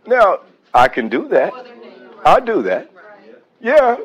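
A man's voice: high-pitched, wildly swooping pitch, slow, long pauses, low-quality recording. A man preaching a sermon, breaking into calls of praise and reading a hymn aloud.

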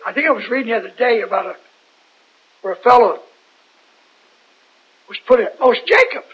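A man with a very high voice preaches a loose, rambling Bible sermon in a folksy way. He keeps stopping to put questions to the people listening. The sound is dull and lo-fi. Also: animated, a little fast, slightly rough. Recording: dull lo-fi recording.

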